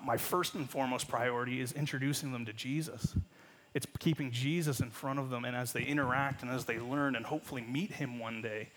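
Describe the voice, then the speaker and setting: A man in his thirties stands before his congregation and preaches, spinning an animated story and laughing at his own punchlines. His voice carries the long echo of a large church sanctuary, and his pitch sits at an ordinary male middle. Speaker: pastor. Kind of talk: sermon with storytelling. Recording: long reverb of a church hall.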